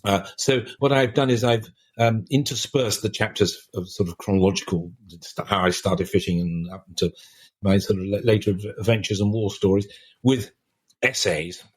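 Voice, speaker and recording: A man's voice: on the low side, fairly even intonation, normal speed, breathy edge. An older man, a writer guest on a podcast, talking in a reflective, discursive way with many restarts. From England. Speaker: author guest.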